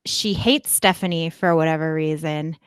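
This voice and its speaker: A woman's voice: deep voice, normal speed, smooth, dry recording, studio quality. A young woman telling a rambling story casually on a comedy podcast, chatty and full of "like". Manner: chatty, rambling, upspeak-laden. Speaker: podcast guest.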